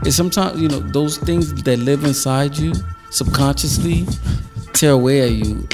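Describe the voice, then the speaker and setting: A man's voice: fairly high pitch, moderate pace, over music. A man co-hosting a casual podcast, teasing the others and chiming in with asides. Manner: teasing, chimes in with short asides. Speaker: podcast co-host. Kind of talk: casual chat.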